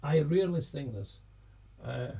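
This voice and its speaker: A Scottish singer-songwriter chatting casually on a live stream between songs, rambling and self-deprecating. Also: male voice, on the high side, animated, unhurried, gravelly, mellow, husky. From Scotland.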